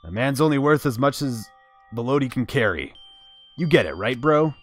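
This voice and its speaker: A man's voice: mid-range voice, expressive, moderate pace, faint music behind, close to an everyday voice. A man doing a brash young gang leader. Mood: tough. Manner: gruff, shouting.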